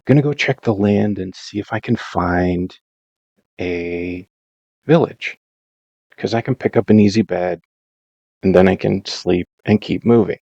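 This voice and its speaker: Guy narrating his game in a slow drawl, kinda rambly and self-mocking, muffled dry recording. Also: deep voice, gravelly, darkish tone, no room sound. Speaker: Minecraft let's-play narrator. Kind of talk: casual gameplay voice-over commentary.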